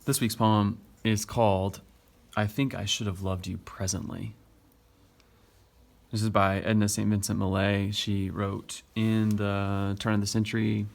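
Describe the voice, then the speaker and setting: A man's voice: lowish voice, gravelly, darkish tone. A male teacher explaining poetry step by step in a recorded lesson, tapping out the stressed beats as he reads.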